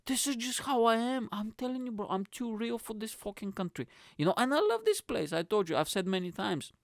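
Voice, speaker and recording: A man's voice: sits high, big pitch swings, a little fast, creaky, dry recording, studio quality. A young man hosting a casual solo podcast, rambling bluntly with constant swearing. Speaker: podcast host.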